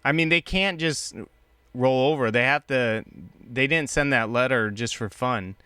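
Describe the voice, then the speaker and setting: A man's voice: medium pitch, unhurried, smooth, no echo. A man hosting a live call-in show, chatting casually and agreeing with his callers. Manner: relaxed, chatty, often agreeing.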